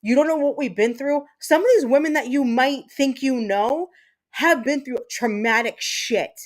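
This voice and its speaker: A woman with a high voice hosts her own livestream. She talks straight to her viewers in an angry, blunt rant and swears freely. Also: moderate pace. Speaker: livestream host.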